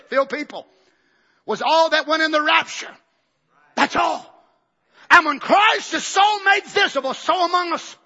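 A man preaching a fiery Pentecostal sermon, swinging from shouts to hushed near-whispers. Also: extremely high pitch, breathy edge, dull audio.

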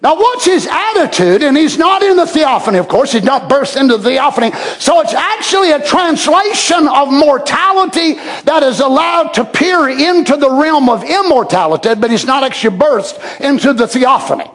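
A preacher with a strikingly high voice that leaps and falls in pitch. He alternates between fervent shouting and hushed, slowed-down asides. The tone is a full sermon delivery. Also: lively intonation.

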